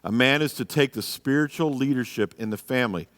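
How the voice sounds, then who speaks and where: A mid-range, a bit bright, fairly quick male voice leads a church marriage lesson. The pastor speaks emphatically, firing off rhetorical questions, his words echoing in the reverberant church hall.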